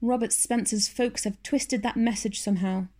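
A woman voicing a stern, sharp-tongued older spinster in a storybook reading. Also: fairly high pitch, steady tone, moderate pace, lightly acted. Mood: stern, scolding. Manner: curt, stern, scolding.

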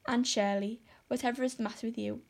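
A woman's voice: on the high side, fairly even intonation, fast talker, vocal fry. A woman voicing a stern older spinster who scolds and speaks with dry sarcasm. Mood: scolding.

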